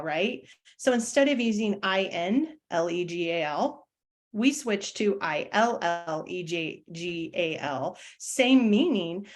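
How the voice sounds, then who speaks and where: A woman teacher presenting an online webinar in a chatty, self-deprecating way, with many fillers and restarts. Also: mid-range voice.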